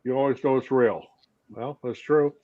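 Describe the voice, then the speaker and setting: A man with a Midwestern accent co-hosting a livestream, relaxed and joking as he reads out viewer comments. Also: mid-range voice, moderate pace. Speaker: livestream co-host. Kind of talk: casual livestream chat. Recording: muffled lo-fi mic.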